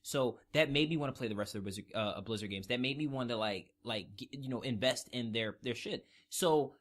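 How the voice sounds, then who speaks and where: A man's voice: mid-range voice, fairly quick. A man co-hosting a podcast, ranting in casual chat with heavy profanity. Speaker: podcast co-host.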